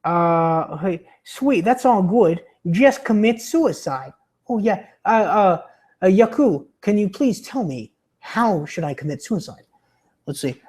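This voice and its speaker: A young man on a livestream, his voice sitting a bit high for a man and roughened by a sore throat. He rambles casually with lots of restarts, and his pitch drifts around as he slips in and out of a livelier entertainer tone. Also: lively intonation, slow, darkish tone. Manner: rambling, stammering, with many restarts. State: sore throat from being sick. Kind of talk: casual chat reading viewer comments.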